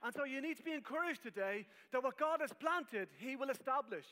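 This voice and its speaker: Guy pastor giving a sermon, really high voice, emphatic, wry little asides, long echo off a big hall. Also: expressive, a little fast, pushed and bright.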